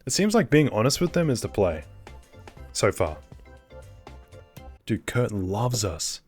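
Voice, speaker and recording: A man with a low voice playing through a horror visual novel, cracking jokes and reacting upbeat to each choice. Faint game music plays underneath. He talks in the easy manner of a let's play creator. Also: big pitch swings, unhurried, long pauses, darkish tone, slightly rough, no echo. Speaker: gaming YouTuber.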